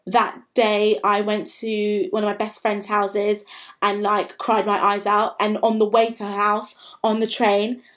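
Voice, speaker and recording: A woman in her twenties, recounting a painful experience in a candid, halting personal vlog. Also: mid-range voice, monotone, a bit bright. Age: 20s. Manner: candid, halting, emotional storytelling. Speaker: vlogger.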